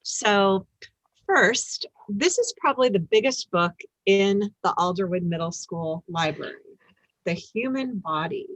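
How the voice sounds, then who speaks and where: A woman school librarian introducing books in an unhurried, explanatory way. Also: mid-range voice, animated, fairly bright tone, dry recording, poor audio. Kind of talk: book talk on a podcast.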